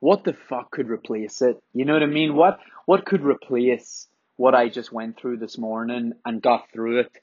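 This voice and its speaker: A candid man speaks about his running, reflective and loose with the odd swear. His voice sits at a middling pitch. The sound is close and dry, with a slightly dull, lo-fi tone. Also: moderate pace, few pauses, a little mellow, breathy edge, no room sound. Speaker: runner sharing his training. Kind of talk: casual spoken monologue.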